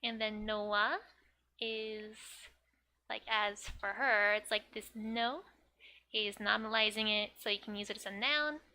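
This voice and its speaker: A woman's voice: mid-range voice, fairly even intonation, measured pace, bright, forceful tone. A woman giving a casual lesson on a comic, chatty and full of "like" fillers, with frequent laughs. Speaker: Japanese teacher.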